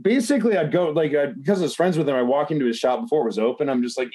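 A man in a casual podcast chat spins a rambling anecdote, cursing often and leaning on fillers. His voice sits at an ordinary middle pitch. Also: expressive, fast talker, few pauses, mellow, husky. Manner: rambling, heavy swearing, many fillers like "like". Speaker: podcast host telling a story.

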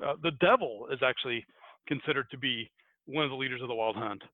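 The recording sounds tinny and dry, like a phone, as an American podcast host in a casual conversation rambles through a folktale and laughs at himself. His voice is mid-range and his pace quick.

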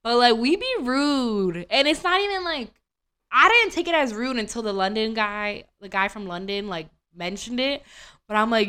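A woman's voice: on the high side, animated, moderate pace, pushed and bright, clear, resonant tone. A young American woman hosting a podcast, chatting casually and reading out fun facts with lots of slang and "bro". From United States. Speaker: podcast host. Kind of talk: casual chat.

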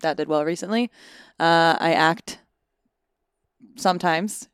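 Chatty twenty-something woman, kinda low voice, super smooth, dry sound, lots of "like". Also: slow, no echo. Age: 20s. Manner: chatty and self-deprecating, lots of "like". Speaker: actor guest. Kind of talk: casual interview chat. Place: Los Angeles.

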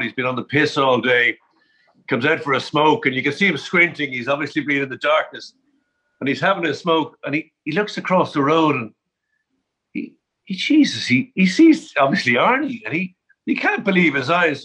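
A man's voice: on the high side, pushed and bright, husky, poor audio. An Irish man telling golf anecdotes on a panel in a chatty way, often repeating words as he starts a sentence. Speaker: panel guest. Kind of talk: anecdotal storytelling.

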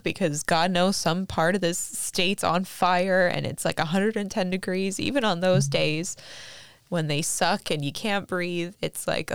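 A woman's voice: on the low side, fairly even intonation, unhurried, gravelly, clear, resonant tone, no echo. A young adult woman hosting a podcast, chatting casually and rambling with lots of fillers. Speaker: podcast host. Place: Fresno, California.

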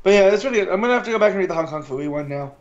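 A man chiming in on a casual podcast chat with quick reactive comments. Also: high voice, lively intonation, lo-fi sound. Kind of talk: casual chat, brief interjections.

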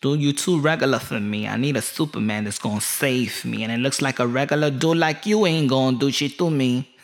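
A man's voice: mid-range voice, brisk, natural voice. A man putting on a sassy, demanding wife with a Puerto Rican accent and a mocking manner.

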